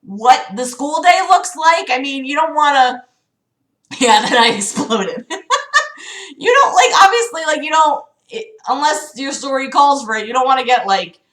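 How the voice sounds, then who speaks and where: A young woman reads a novel aloud on a home livestream, stopping often to mock it with sarcastic, profane asides. Her voice is high and bright, and it swings widely in pitch. The room gives it a noticeable echo. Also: animated, unhurried. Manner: sarcastic, swearing, exasperated asides. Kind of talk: casual read-aloud with commentary. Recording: roomy echo.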